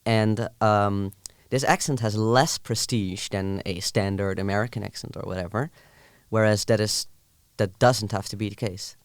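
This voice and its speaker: Young dutch guy on a podcast, lowish smooth voice, dry sound, explains slow with lots of ums. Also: steady tone, no room sound. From southern Netherlands. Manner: explains carefully with many pauses and fillers. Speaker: podcast guest. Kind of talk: casual podcast chat.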